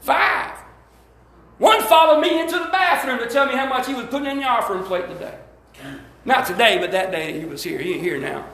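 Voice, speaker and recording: A man with a Southern accent preaching a fervent sermon in church, shouting and calling out to the congregation. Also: very high voice, fairly quick. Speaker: pastor. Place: church sanctuary. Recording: roomy echo of a church hall.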